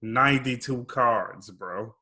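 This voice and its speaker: A man's voice: medium pitch, slow pace, pushed and bright. A man co-hosting a podcast, talking things through casually and checking in with "right?". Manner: laid-back, reasoning aloud with frequent "right?". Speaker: podcast co-host. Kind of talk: casual chat.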